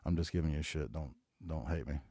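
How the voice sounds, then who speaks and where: On his solo podcast, a Southern-accented man from North Carolina in his forties tells rambling, profane, easygoing stories. He talks fairly quickly in a rumbling low, dark voice, with clean studio sound and no echo.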